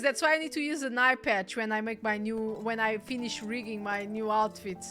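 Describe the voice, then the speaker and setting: A woman's voice: fairly high pitch, normal speed, hardly any pauses, soft background music. A woman streaming a game, chatting casually and reading the game's lines aloud in playful voices. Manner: animated, swearing, reads game lines aloud in character voices.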